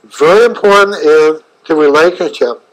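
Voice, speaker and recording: Halting middle-aged man lecturing a webinar. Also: fairly high pitch, rough recording. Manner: halting, fragmented phrasing with frequent fillers. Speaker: chiropractor presenting a webinar.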